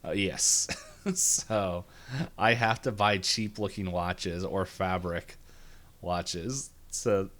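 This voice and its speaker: A male podcast co-host, using a video call or webcam setup, speaks very slowly in a lowish, slightly bright voice with a steady tone. Chatty and giggly, he recaps a cartoon episode and acts out quotes in funny, silly voices.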